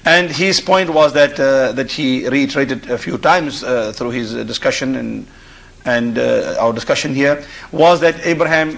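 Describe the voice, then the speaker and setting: A man from Africa speaking as a guest on a call-in discussion show, pausing and restarting his phrases as he talks. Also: fairly high pitch, fairly bright tone. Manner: halting, repeats and restarts phrases. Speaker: panel guest.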